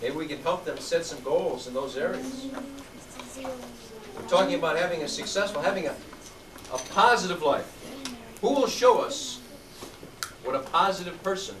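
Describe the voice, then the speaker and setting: A man's voice: sits high, lively intonation, moderate pace, long pauses. Brief: middle-aged male youth instructor, encouraging, heard from far off in an echoey, noisy room. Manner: upbeat, encouraging, calls out to students. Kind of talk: classroom coaching. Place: large room with student tables.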